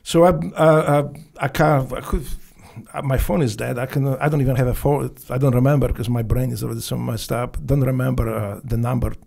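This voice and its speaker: A Polish-born man tells his stories with a thick Polish accent and broken English grammar. His voice is gravelly and dark. He swears freely and acts out the dialogue as he goes. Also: medium pitch, brisk. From Poland. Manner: profane, animated storytelling with non-native grammar. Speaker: guest. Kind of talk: casual storytelling.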